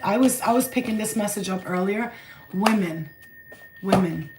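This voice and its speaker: A woman with a New York accent, a spiritual channeler giving a blunt, profane, animated vlog message. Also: medium pitch, normal speed, echoey room, loud music behind the voice, rough recording.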